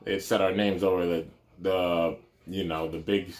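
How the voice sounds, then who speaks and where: Low-voiced male YouTuber, casual rambling storyteller. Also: fairly even intonation, measured pace, a little mellow. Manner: rambling, many fillers and restarts.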